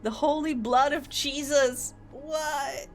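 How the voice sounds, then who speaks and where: A woman streamer giving live gameplay commentary, reacting with excited laughter and disbelief. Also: high-pitched, takes it slowly.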